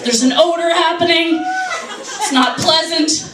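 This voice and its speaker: A brash woman in her forties does a stand-up set, her voice riding high with crude jokes and mock outrage. The sound is roomy and comes from a camera far back in the club, with clear background noise. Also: lively intonation, unhurried, crowd noise. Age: 40s. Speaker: stand-up comedian. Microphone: handheld camera from the audience. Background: audience laughter.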